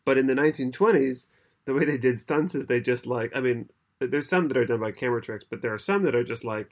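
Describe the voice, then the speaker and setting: A man's voice: mid-range voice, fast talker. A man co-hosting a podcast in casual chat, explaining at length and laughing often. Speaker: podcast co-host.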